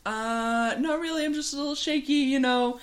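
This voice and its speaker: A woman's voice: high voice, moderate pace, voice pushed up, natural voice. A woman voicing a nervous, moralizing young male officer with a hesitant, pleading drawl.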